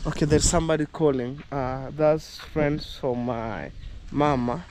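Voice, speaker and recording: A man's voice: fairly high pitch, measured pace, darkish tone, slight background noise. A young man from Kenya with a Kenyan accent, chatting loosely to his viewers outdoors in a village yard, peppering his talk with "you know, guys". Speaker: vlogger. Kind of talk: casual vlog chat to viewers.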